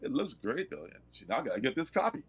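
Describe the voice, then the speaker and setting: A man hosting a casual comics livestream, animated and laughing, reading blurbs aloud. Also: medium pitch, fast, husky. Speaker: host.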